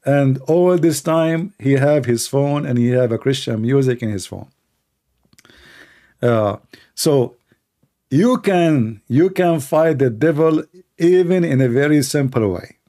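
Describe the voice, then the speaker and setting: A man with a non-native English accent hosting a call-in livestream, telling stories in a rambling, animated way. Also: mid-range voice, slow. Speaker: host of a call-in show. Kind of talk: casual livestream talk.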